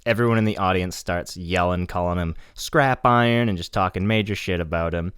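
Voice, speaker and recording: A man's voice: low-pitched, a little fast, hardly any pauses, fairly bright tone, smooth, dry recording, clean studio sound. A man hosting a podcast, recapping a plot in a laid-back, casual way with casual swearing. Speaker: podcast host. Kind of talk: casual chat.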